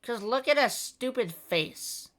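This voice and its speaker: A woman's voice: fairly high pitch, lively intonation, takes it slowly, a bit bright, slight background noise. A woman hosting a podcast in casual chat, rambling with many fillers and frequent laughter. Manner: giggly, rambling, lots of fillers. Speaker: podcast host.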